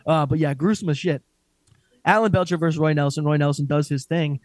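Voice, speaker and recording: A man's voice: fairly high pitch, fairly quick, dry recording. A young man co-hosting a casual fight-talk podcast, swearing freely and laughing often as he chats. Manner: profane, animated, laughs often. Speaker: podcast co-host. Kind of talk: casual chat.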